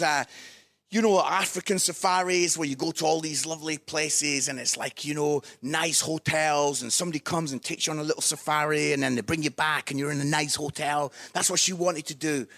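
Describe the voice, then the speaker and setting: Animated high-voiced man preaching. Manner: animated, playful, laughs at his own stories. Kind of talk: storytelling sermon.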